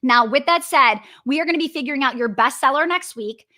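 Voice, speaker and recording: A woman with a Wisconsin accent coaches business owners live, chatty and upbeat, with a high voice. She tosses in "right?" and "okay?" as she goes. Her tone is bright and forceful. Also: a little fast. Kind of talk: live coaching session answering viewers.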